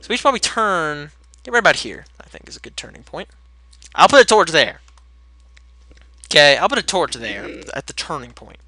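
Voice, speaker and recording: Teen male Let's Play host, upbeat and rambling, a touch high-voiced, sharp bright tone, dry close sound. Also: fairly quick, long pauses, no echo. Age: late teens. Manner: energetic, rambling and chatty. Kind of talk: casual gameplay commentary.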